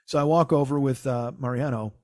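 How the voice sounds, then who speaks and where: A man's voice: medium pitch, steady tone, brisk. A man, a comedian and podcast host, telling a long casual story and quoting people with "I go, he goes" and frequent restarts. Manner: rambling, conversational, quotes others with "I go, he goes".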